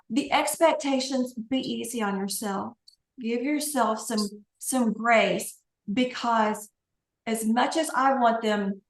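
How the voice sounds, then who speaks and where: A woman's voice: fairly high pitch, reverberant, low-quality recording. A woman guest on an interview, an angel communicator, telling stories in a chatty way with light laughs. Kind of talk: casual interview talk.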